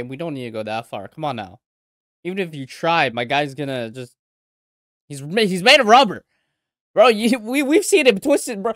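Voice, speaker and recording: A man reacting live to an anime episode, excitable and exclaiming, swearing in casual slang. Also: high voice, moderate pace, dry recording, clean studio sound.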